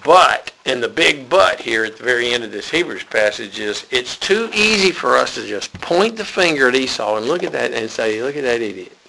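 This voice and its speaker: A man's voice: medium pitch, very animated, normal speed, vocal fry, few pauses, sharp tone, rough recording. A man preaching a sermon in a church, folksy and conversational.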